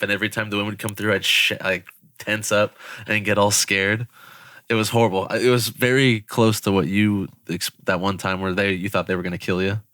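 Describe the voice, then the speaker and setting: A man's voice: on the low side, no room sound. A young man, a podcast co-host, casually telling a story with frequent laughter and swearing. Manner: laughing, swearing, animated retelling.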